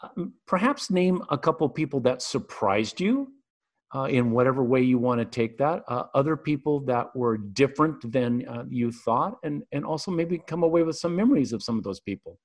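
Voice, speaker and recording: A man's voice: mid-range voice, animated, normal speed, darkish tone. Guy interviewer asking rambly questions, lots of uh's, average voice. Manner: hesitant, with fillers.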